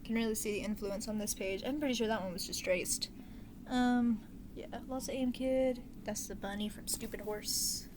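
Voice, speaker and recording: A woman's voice: fairly high pitch, fairly even intonation, moderate pace, background noise. A young woman chatting casually as a vlogger. She rambles, drifts off on tangents and fills her talk with slang and fillers. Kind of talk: casual chat.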